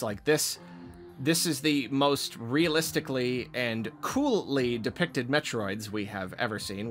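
A man at an average pitch reacts to a game trailer, gushing and rambling with plenty of fillers and restarts. Faint music plays quietly behind him. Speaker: video game channel host.

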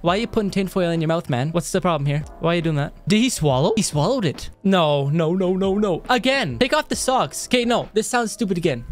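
A man hosting a reaction video, talking casually with animated, exasperated outbursts and frequent laughs. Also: high voice. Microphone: headset microphone.

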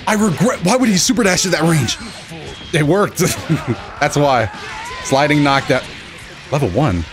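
A young man giving excitable, joking commentary over his own fighting-game matches, yelling at big moments. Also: fairly high pitch, a little slow. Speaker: gaming channel host. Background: game music.

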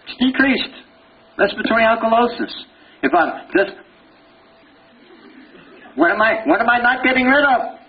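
An older man giving a lively pathology lecture, quizzing students with rapid questions and joking as he goes. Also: very high voice. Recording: dull lo-fi lecture recording with faint hiss.

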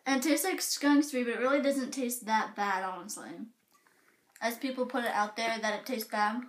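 A woman's voice: fairly high pitch, normal speed. A young woman chatting casually and giggling nervously while trying strange jelly beans for her vlog. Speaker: vlogger. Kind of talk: casual chat.

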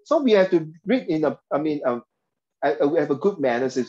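A man's voice: a little high, sing-song, brisk, dark tone, muffled recording. A man with a Singaporean English accent teaching an online English class in a chatty way. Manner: chatty, mixes in Mandarin, frequent okay and right. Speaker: English tutor.

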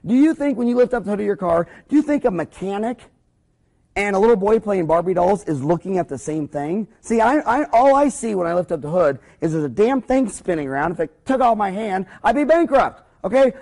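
A man lectures dentists on running a practice, wandering through jokes and stories along the way. His voice sits high for a man and swings widely in pitch as he goes. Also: a little fast. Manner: animated, joking, rambling storyteller.

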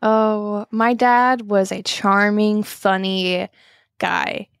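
A young woman in her twenties, a podcast guest, talking warmly and emotionally with frequent laughter. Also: mid-range voice, flat delivery, drawn-out words, dry recording, clean studio sound. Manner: warm, emotional and laughing often. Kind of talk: podcast interview.

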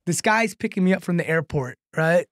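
A man, a comedian and content creator, telling a long anecdote in a podcast chat, animated and tagging lines with "right?", laughing now and then. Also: high voice, brisk, no echo, studio quality. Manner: laughs through his own story.

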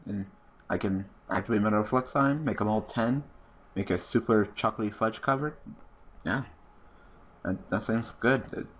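A man's voice: mid-range voice, a bit bright, breathy edge. A young man hosting his own channel, giving casual commentary over a card game as he plays, muttering and swearing when things go wrong. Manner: swears a lot, frustrated muttering. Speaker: gaming channel host.

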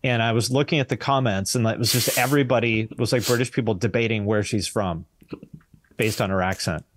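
A man's voice: on the low side, steady tone, fairly quick, a little hiss or hum. A man with an American accent, a podcast guest in casual chat, blunt and swearing freely. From United States.

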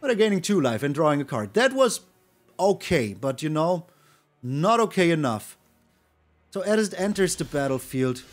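A man giving excitable, animated live commentary over his own card game, now and then breaking into loud shouts. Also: on the high side, normal speed. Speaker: gaming YouTuber.

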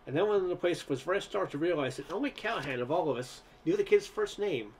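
A man's voice: sits high, lively intonation, quick pace, a little hiss or hum. A man reading a first-person story aloud in a conversational way, with occasional stumbles. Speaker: narrator.

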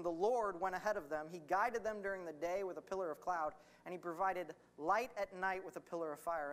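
A man's voice: high-pitched, a bit bright. A man preaching a sermon as pastor, talking to the congregation in an earnest, conversational way and reading scripture aloud.

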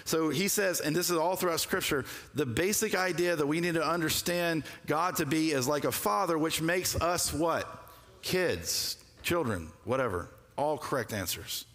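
Male pastor, slightly high voice, chatty sermon delivery, church-hall reverb. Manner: conversational, animated storytelling with quick asides. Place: church sanctuary.

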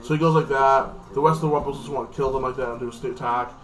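A man's voice: mid-range voice, fairly even intonation, very fast, a little hiss or hum. A man giving a casual, rambling spoken recap and review of a TV episode, full of fillers and restarts. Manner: rambling, filler-heavy, lots of "like". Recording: distant mic with loud music.

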